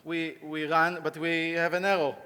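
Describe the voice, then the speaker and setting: A man with a sore throat gives a live conference talk, playfully coaching volunteers on stage in an animated way. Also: on the high side, moderate pace, smooth. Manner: playful, animated, coaxing the audience. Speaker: conference speaker. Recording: long hall reverb, faint crowd noise.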